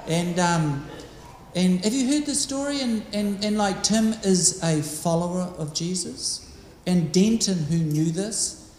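A man telling stories to a group in a loose, rambling, conversational way full of asides, recorded in a large hall with faint noise behind. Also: a little high. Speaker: speaker. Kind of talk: storytelling talk to a group.

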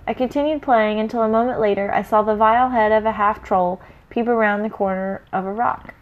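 A woman reading a first-person fantasy adventure story aloud in a lively, playful way. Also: mid-range voice, normal speed, phone-quality sound.

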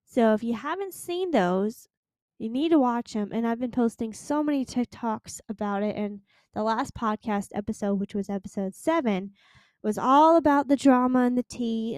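A woman in her twenties from Florida, hosting a casual solo podcast, chatty and emphatic, slowing down to stress her points. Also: on the high side, darkish tone, dry recording, studio quality. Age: 20s. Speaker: podcast host.

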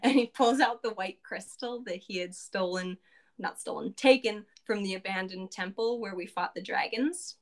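A woman's voice: mid-range voice, normal speed. Chatty woman recapping a tabletop game. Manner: chatty, full of "like" and asides.

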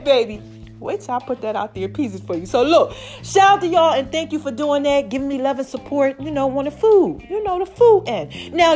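Chatty woman vlog host, high-pitched, lively and talkative, over soft background music. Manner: animated, chatty, preachy asides, lots of "y'all" and "okay?". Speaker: vlogger and podcast host. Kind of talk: casual chat to viewers.

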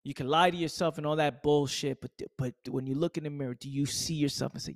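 A man's voice: a little high, fairly even intonation, quick pace, few pauses, no room sound, clean studio sound. Emphatic, cussing male motivational podcaster. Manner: emphatic, repetitive, swears freely. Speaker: podcast host.

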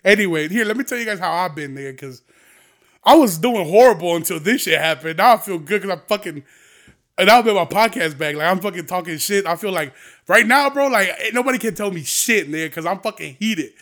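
A young man delivers a heated solo podcast rant with a high voice. He curses constantly and swings between low, muttered asides and loud, fired-up outbursts. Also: expressive, fairly quick. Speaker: podcast host. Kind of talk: ranting podcast monologue.

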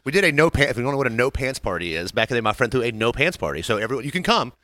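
A man's voice: mid-range voice, sing-song, rapid-fire, bright, forceful tone, dry recording. A man hosting a podcast in a studio, telling crude, joking stories in casual chat. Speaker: podcast host.

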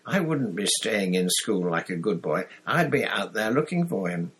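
A man reading an audiobook, voicing a malicious teenage boy who taunts quietly. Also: lowish voice, very animated, normal speed, husky, exaggerated voice, rough recording. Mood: taunting.

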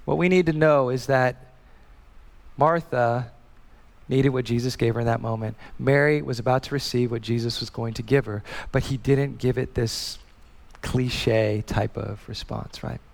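A man in his thirties preaching a sermon as a pastor, telling a family story in a lively way and often repeating and restarting words. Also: medium pitch, measured pace, creaky, in a large hall.

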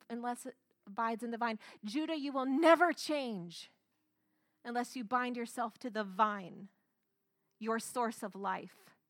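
A woman pastor preaches with a high, bright voice that rings out clearly. She moves with passion between loud, emphatic peaks and soft, hushed lines, and tears sit close to the surface. The sound is dry and close. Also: no room sound. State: tearful. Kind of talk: sermon.

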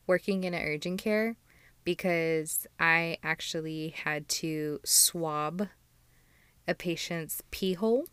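A woman's voice: low-pitched, slow pace, a bit bright, smooth, no room sound. A young woman co-hosting a podcast in casual chat. She talks bluntly and frankly and swears freely. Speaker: podcast co-host.

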